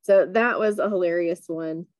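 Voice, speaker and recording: A young adult woman co-hosting a podcast, reminiscing in a lively way. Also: on the low side, normal speed, dry recording. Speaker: podcast co-host. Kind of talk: casual family podcast chat.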